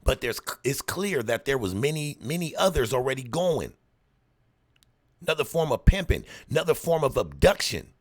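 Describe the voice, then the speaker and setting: A man hosts a reaction video and comments on a clip in a loose, preachy rant. His pitch swings widely as he lectures and mocks. The delivery stays casual. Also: normal speed. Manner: animated, preachy ranting with mocking put-on voices.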